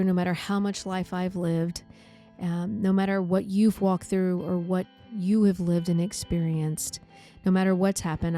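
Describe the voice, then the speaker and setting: A podcast host telling her own story, candid and halting, with many pauses and fillers. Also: lowish voice, mellow. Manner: candid, halting, reflective, says like often. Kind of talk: personal storytelling.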